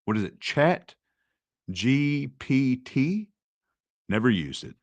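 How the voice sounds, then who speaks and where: Sarcastic slow-talking male host. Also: mid-range voice, big pitch swings, no echo, highs cut off. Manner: sarcastic, mock-indignant, slow and drawn out. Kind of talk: casual commentary.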